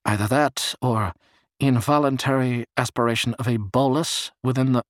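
A man reading a story, voicing a pedantic, sly man in a high, slow, smooth voice with long-winded clinical phrasing. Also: no echo, clean studio sound, natural voice. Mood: fussy.

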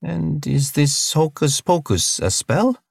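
A man's voice: on the high side, big pitch swings, slow pace, creaky, slightly rough, dry recording, studio quality, pitched above the performer's own voice, exaggerated voice. A man voicing a large, earnest blue alien cellmate who talks in broken, simple grammar.

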